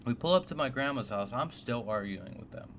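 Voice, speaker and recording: A man's voice: mid-range voice, expressive, a little fast, a bit bright, a little hiss or hum. Profane, exasperated man telling a story. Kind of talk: casual storytime narration.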